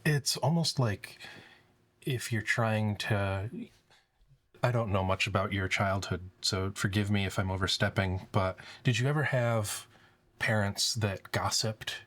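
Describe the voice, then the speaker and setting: A man voicing a frightened, self-doubting young woman who speaks in halting, anxious phrases in a tabletop game. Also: on the low side, steady tone, fairly bright tone. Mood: uneasy.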